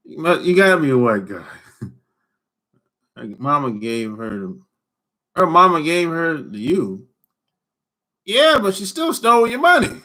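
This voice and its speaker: A man's voice: on the high side, big pitch swings, a little slow, pauses often, bright, forceful tone. A man hosting a casual livestream, teasing callers in loose slang and laughing often. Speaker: livestream host talking with callers. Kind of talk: casual chat.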